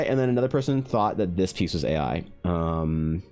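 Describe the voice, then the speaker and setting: A man's voice: low voice, animated, moderate pace, a little mellow, clear, resonant tone. A man casually chatting with stream viewers while drawing, rambling and swearing freely.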